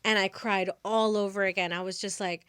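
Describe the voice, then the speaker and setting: A young adult woman hosting a podcast, telling a story in a casual, animated way and acting out the scenes. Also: mid-range voice, brisk, clean tone, dry recording, studio quality. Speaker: podcast host.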